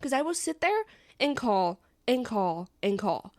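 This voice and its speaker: A woman's voice: a little high, sing-song, unhurried, a little mellow. A young woman co-hosting a casual podcast, telling a story in an exasperated, venting way. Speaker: podcast co-host. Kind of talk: casual chat.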